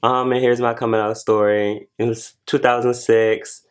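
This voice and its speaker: A man's voice: mid-range voice, normal speed, smooth. Laid-back young man rambling casually. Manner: relaxed, rambling, heavy use of "like" fillers. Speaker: cast member being interviewed. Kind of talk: casual interview chat.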